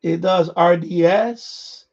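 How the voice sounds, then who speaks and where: A man's voice: high voice, slow, a little mellow, highs cut off. A man hosting a radio hobby live stream, chatting casually in a rambling way, repeating himself and chuckling often.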